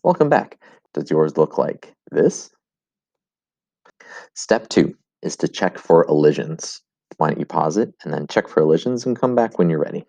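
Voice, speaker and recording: Very deep male Latin teacher, plain lesson delivery, muffled lo-fi sound. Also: big pitch swings, moderate pace, vocal fry, mellow, dry recording. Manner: explains step by step, with fillers and restarts; chants rhythms as "bum, bum". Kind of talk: recorded video lesson.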